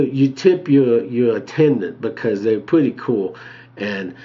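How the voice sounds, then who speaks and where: A man's voice: fairly low pitch, a little mellow. A man telling a rambling comic story, bragging and calling himself by name. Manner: brags, calls himself by name in third person. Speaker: comedic character monologuist. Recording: dull lo-fi video recording.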